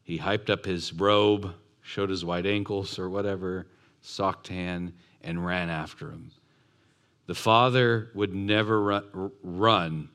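A man's voice: low-pitched, steady tone, takes it slowly, fairly bright tone. A man preaching a sermon who acts out the voices and asks his congregation questions. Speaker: pastor.

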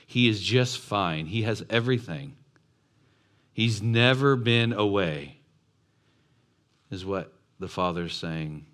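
A man's voice: fairly low pitch, animated, takes it slowly, long pauses, a bit bright. A man preaching a sermon who acts out the voices and asks his congregation questions. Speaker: pastor.

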